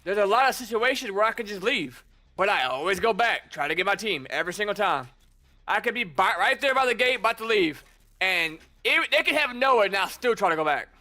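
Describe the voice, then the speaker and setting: A man's voice: high voice, sing-song, fairly quick, pushed and bright. A man streaming a game, chatting casually and teasing the players he meets. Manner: chatty, teasing taunts at opponents. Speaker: gamer streamer. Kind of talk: casual gameplay commentary.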